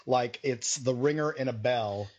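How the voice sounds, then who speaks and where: A man's voice: medium pitch, a little slow, darkish tone, muffled recording. A man co-hosting a comedy politics podcast, talking in a crude, provocative, blunt way. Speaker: podcast co-host. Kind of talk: casual comedic political chat.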